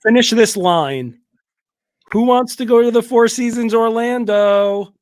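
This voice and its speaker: A man co-hosting a podcast, chatting casually and dropping quick, short interjections. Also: very high voice, darkish tone, smooth, no echo. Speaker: podcast co-host.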